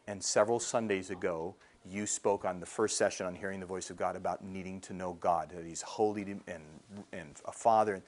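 A middle-aged male pastor preaching a sermon in a conversational way, often checking in with the congregation. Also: low-pitched. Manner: conversational preaching with frequent "all right?" check-ins.

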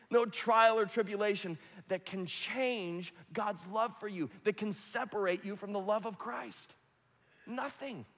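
Impassioned preacher in a big hall. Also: male voice, high-pitched. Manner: preaching, swinging from loud rising appeals to hushed near-whispers. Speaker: pastor. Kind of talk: sermon. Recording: long reverb of a large hall.

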